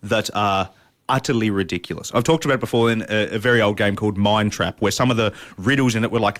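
A man's voice: lowish voice, steady tone, fast, a bit bright. A man co-hosting a podcast, chatting casually and with animation about board games. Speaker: podcast co-host. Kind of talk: casual chat.

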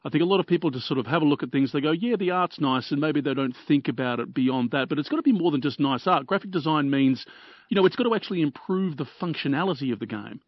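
A man's voice: fairly high pitch, animated, no room sound. Male interviewer, keen and outspoken, dull dry lo-fi sound. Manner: eager, opinionated, quick follow-up questions. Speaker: podcast host interviewer. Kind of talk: casual interview.

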